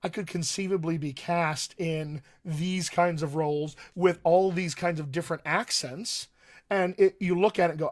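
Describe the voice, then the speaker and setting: A man's voice: fairly high pitch, fairly even intonation, moderate pace. Earnest American man coaching on a livestream. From United States. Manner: earnest, emphatic, repeats key phrases. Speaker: dialect coach. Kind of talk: livestream teaching talk.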